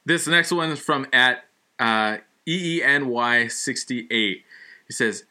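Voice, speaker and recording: A man's voice: medium pitch, takes it slowly, bright, forceful tone. A man co-hosting a casual show who laughs easily and stumbles over reading jokes aloud. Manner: giggly, self-deprecating, stumbles over reading. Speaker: podcast co-host.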